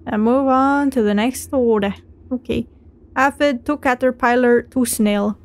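A woman playing a video game and commenting as she goes, swearing often and getting loud and excitable, talking to the creatures on screen. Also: a little high, a little slow. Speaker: gamer. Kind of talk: let's play commentary.

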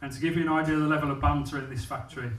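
Male stand-up comic, crude and self-mocking, fairly high voice, live club recording from far off. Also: steady tone, very fast. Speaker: stand-up comedian. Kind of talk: stand-up comedy routine. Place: comedy club stage, indoors. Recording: echoey club from far off, audience noise.

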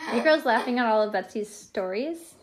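A woman's voice: fairly high pitch, animated, fairly quick. A woman standing outside in a neighborhood, asking children friendly questions in a casual chat. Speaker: host interviewing children. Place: outdoors in a neighborhood street.

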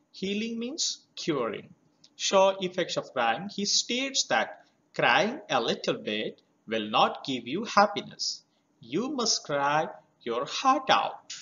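A man teaching a children's poem, explaining words slowly and spelling them out letter by letter. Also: on the high side, pushed and bright. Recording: slightly dull lo-fi recording.

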